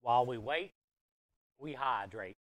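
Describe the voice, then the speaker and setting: A food truck chef with a mid-range, slightly slow voice cooks in a kitchen while chatting casually with his livestream viewers, with no echo in the audio. He's easygoing and jokey, and he chuckles often.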